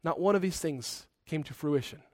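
Earnest pastor preaching a sermon. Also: male voice, on the high side, normal speed, darkish tone, dry recording, clean studio sound. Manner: earnest and conversational, with asides.

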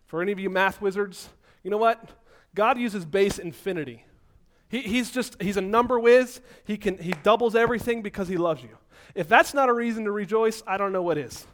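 A man preaching an energetic, animated sermon, so physically active that he sounds out of breath at times. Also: high-pitched, a little fast, a little hiss or hum.

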